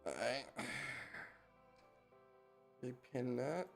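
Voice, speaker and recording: A man's voice: medium pitch, big pitch swings, extremely slow, gravelly, soft background music. A man hosting a casual live-stream podcast, talking in a laid-back, slangy way and laughing often. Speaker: podcast host.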